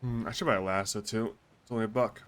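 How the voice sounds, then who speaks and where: A man's voice: fairly low pitch, fairly even intonation, fast talker, fairly bright tone. A man streaming himself playing a game, rambling through casual commentary and swearing offhand as he plays.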